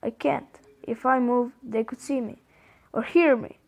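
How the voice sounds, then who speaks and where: A man with a Croatian accent reading the texts of a frightened young woman lost in dark woods, in a panicky, breathless way. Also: extremely high pitch, steady tone, a little slow, creaky, exaggerated voice. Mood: panicked.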